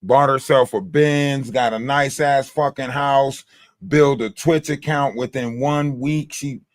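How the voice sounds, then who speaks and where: A man's voice: mid-range voice, slow, no room sound, clean studio sound. A man hosting a livestream with casual, profane commentary, telling stories and mimicking other people's lines. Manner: profane, animated storytelling with mimicked quotes. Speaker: livestream host.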